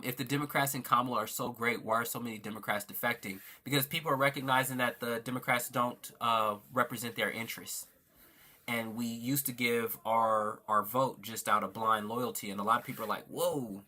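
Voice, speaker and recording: A man's voice: on the low side, sharp tone. A man hosting a casual livestream, reading out viewer comments and thanking them in an earnest, preacherly way, talking into a phone. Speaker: livestream host.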